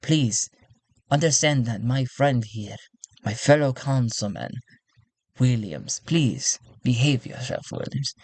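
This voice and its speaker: A man voicing a prim, alluring female courtier with an English accent, speaking slowly in a soft, husky voice. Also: medium pitch, animated, dry recording. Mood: gracious. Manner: slow, proper, deliberate speech. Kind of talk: solo tabletop role-play.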